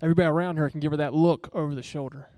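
Male preacher, casual earnest sermon, fairly high voice, dry close sound. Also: fairly even intonation, racing, mellow, dry recording. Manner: conversational, earnest, asks the listeners direct questions.

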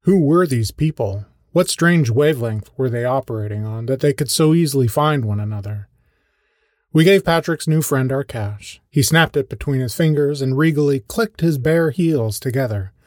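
A man narrates his own story in a wry, understated voice of ordinary pitch. The sound is close and dry, with no room around it. He sounds scripted but relaxed, like a podcast host reading aloud. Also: dry recording. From American Midwest. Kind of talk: scripted first-person storytelling.

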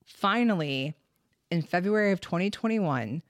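A woman's voice: on the low side, lively intonation, moderate pace, no echo. A woman hosting a true crime podcast, telling the story in casual, chatty talk full of fillers and the odd swear word. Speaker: podcast host.

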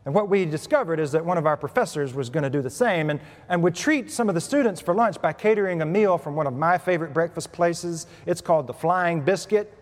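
A male pastor with a fairly high voice delivers a sermon, weaving humor into his storytelling. His voice rises and drops in volume as he works the congregation. The sound carries a long reverb from a large church sanctuary. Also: brisk, few pauses. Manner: storytelling with humor, lively shifts in pitch and volume. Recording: preached in a hall with long reverb.

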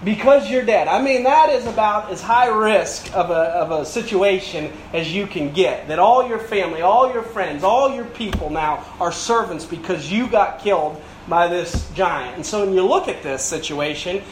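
A man's voice: sits high, moderate pace, few pauses, reverberant, slight background noise, poor audio. A male pastor preaching a sermon with emphatic, building repetition and rhetorical questions.

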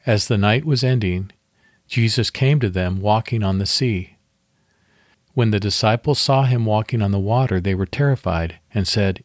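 A man hosting a devotional podcast, reading scripture slowly and leading a guided meditation. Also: on the low side, dry recording, clean studio sound.

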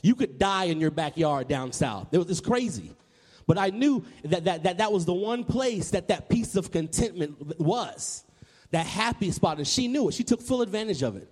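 A man in his thirties from Tennessee, telling an animated personal story to a live audience, often repeating words and acting out voices. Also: high-pitched, moderate pace, breathy edge, long reverb tail. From Nashville, Tennessee, US. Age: 30s. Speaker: public speaker.

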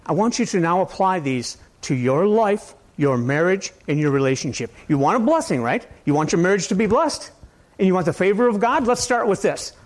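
A male pastor with a fairly high voice preaches a casual, rambling sermon. His pitch leaps up and down as he asks his listeners question after question, now loud, now soft. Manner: conversational, asks the audience many questions.

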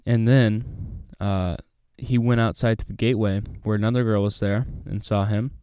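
Mellow low-voiced man reading scripture. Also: normal speed, smooth, dry recording, clean studio sound. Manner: relaxed, chatty, many fillers. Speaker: Bible study host. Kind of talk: casual Bible reading and commentary.

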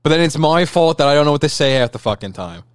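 Fast-talking exasperated guy on a podcast, swearing a lot, dry close sound. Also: on the high side, animated, clear, resonant tone, no room sound. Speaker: podcast co-host. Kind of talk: heated casual banter.

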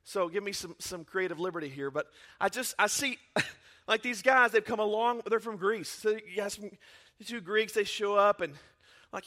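Bright high-voiced energetic pastor, man. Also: normal speed. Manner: energetic, acts out Bible scenes in character voices. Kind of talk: sermon.

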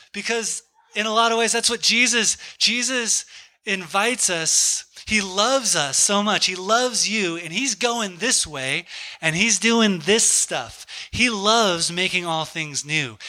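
A man in his thirties preaching a sermon, telling a story and acting out a friend's excited quotes. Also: high voice. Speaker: pastor.

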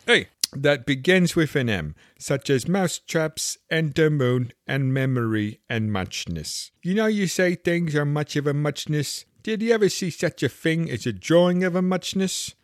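A man's voice: on the high side, expressive, normal speed, no echo, clean studio sound, voice pushed up, close to an everyday voice. A man voicing a small, sleepy, touchy male Dormouse telling a story within the storybook, with a drowsy, hesitant manner. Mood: sleepy, indignant.

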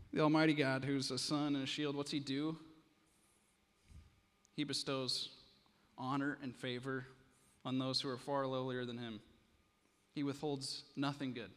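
Male pastor, sermon, mid pitch, earnest, long hall reverb. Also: a bit bright. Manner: dramatic storytelling, then earnest preaching.

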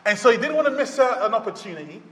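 This pastor's high, very animated voice has a fairly bright tone. He tells stories emphatically in his wedding sermon, drawing phrases out slowly, and the church hall around him echoes.

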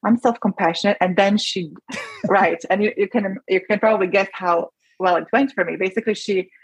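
A woman's voice: mid-range voice, steady tone, normal speed, husky, no echo, poor audio. A woman, a doctor guest in an interview, talking earnestly and with feeling, often restarting her sentences. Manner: earnest, emotional, many restarts. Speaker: rheumatologist guest. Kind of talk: conversational interview.

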